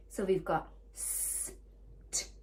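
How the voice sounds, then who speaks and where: Slow, sing-song woman teaching phonics. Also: medium pitch. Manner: slow, sing-song, encouraging, sounding out letters. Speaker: primary school teacher. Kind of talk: phonics lesson for young children. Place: home or classroom, recorded for home learning.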